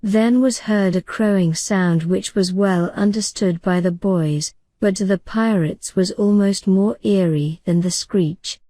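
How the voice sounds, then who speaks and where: A woman narrating an audiobook in a calm, soothing bedtime reading style. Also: medium pitch, unhurried, hardly any pauses, no echo.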